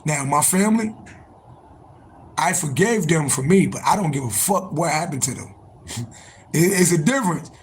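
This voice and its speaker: A man with a fairly high, lively voice and a breathy edge hosts a casual livestream at normal speed, leaving long pauses. The adult spiritual reader, born in January, is profane and repetitive for emphasis, his voice strained, with nearby street sirens and horns on a rough recording.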